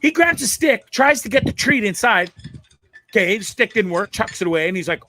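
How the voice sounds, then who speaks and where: A man's voice: high-pitched, animated, a little fast, sharp tone, slight background noise. A man hosting a live online show, casually commenting on viral videos in a profane, laughing, rambling way at a computer mic.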